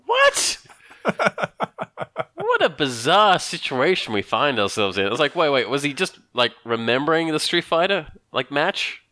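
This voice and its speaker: Bright-voiced man reacting with laughter. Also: mid-range voice, expressive, normal speed, few pauses, no room sound. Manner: laughs often, incredulous comic reactions. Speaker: podcast co-host. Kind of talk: casual chat.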